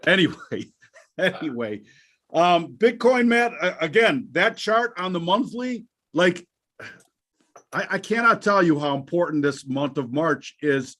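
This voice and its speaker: A man co-hosting a casual market talk show, blunt and quick to laugh. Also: fairly high pitch, lively intonation, fairly bright tone.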